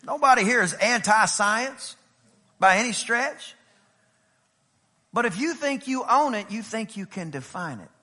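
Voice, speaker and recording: Bright, high-voiced preacher. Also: male voice, expressive, a little slow, long pauses, a little hiss or hum. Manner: emphatic, swings from loud preaching to low, intimate asides. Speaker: pastor. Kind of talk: sermon. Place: church sanctuary. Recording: long hall reverb in a church.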